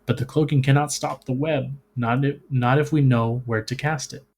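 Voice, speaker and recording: A man's voice: mid-range voice, steady tone, normal speed, darkish tone, a little hiss or hum, close to an everyday voice. A man reading aloud and voicing an eager, obedient male alien servant. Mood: persuasive.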